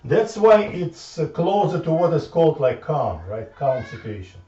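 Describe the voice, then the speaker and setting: A man giving an informal math lecture, halting and repeating words as he thinks aloud at the board. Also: fairly high pitch, sing-song, dark tone. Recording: echoey room from far off, dull lo-fi sound.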